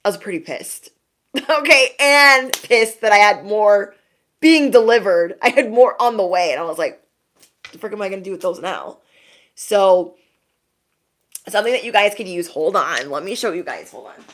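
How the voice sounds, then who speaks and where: A woman's voice: mid-range voice, lively intonation, normal speed, a bit bright. A woman hosting a casual livestream, chatting in a slangy way with frequent laughs and "okay?" asides, and mimicking people she quotes. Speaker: tarot reader and livestream host.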